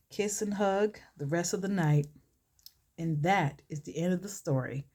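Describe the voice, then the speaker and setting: A woman vlogger reading her own short story aloud in a relaxed way while doing her makeup, chuckling and stopping to comment on it. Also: lowish voice. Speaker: vlogger and author.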